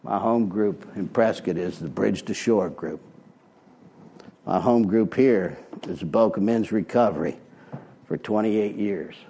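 A man's voice: lowish voice, measured pace, warm tone, breathy edge. An older man giving a personal testimony talk at a recovery meeting, blunt and plainspoken. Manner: blunt, plainspoken, street-wise.

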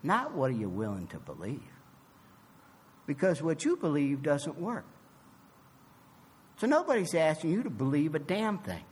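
A man giving a personal recovery testimony, animated and emphatic, acting out both sides of a conversation. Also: on the high side, a little slow, long pauses, slightly rough, long reverb tail. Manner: emphatic, swings from loud to soft. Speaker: recovery meeting speaker.

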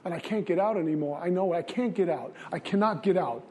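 A man's voice: sits high, expressive, fairly quick, a little mellow, a little hiss or hum. A man from Brooklyn, giving an earnest, confessional recovery testimony in a repetitive style. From Brooklyn, New York. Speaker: recovery speaker.

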